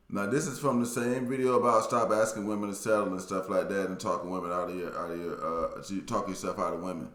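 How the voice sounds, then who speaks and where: A man with a Southern US accent casually reading out and answering viewer comments, in a laid-back, plainspoken way that often repeats itself. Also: low-pitched. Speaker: YouTube commentator. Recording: echoey room.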